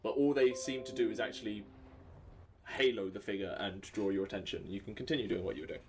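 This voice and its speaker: A man with a Welsh accent, narrating and running a tabletop game as dungeon master in a relaxed, rambling way full of fillers. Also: on the low side, quick pace, music in the background.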